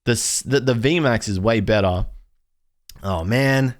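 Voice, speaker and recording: Young man, casual pack-opening rant, exasperated, rambling, animated. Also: mid-range voice, a little slow. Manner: exasperated, rambling, animated complaints with frequent restarts. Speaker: card collector video host.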